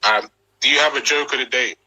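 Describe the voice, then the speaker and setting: A man's voice: mid-range voice, brisk, sharp tone, rough recording. A man hosting a casual interview show, enthusiastic and slangy, often restarting his sentences. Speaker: host.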